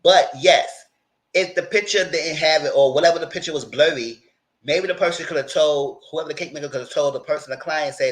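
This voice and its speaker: A man with a slightly high voice talks a little fast in poor-quality audio, casually reviewing and summarizing a reality TV episode. He's animated and conversational, replaying scenes by imitating the voices of those involved.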